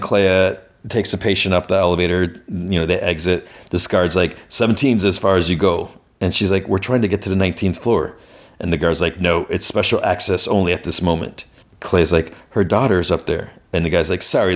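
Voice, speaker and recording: Deep-voiced man recapping casually. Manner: rambling, many "like" fillers, reads out character lines. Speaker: podcast host.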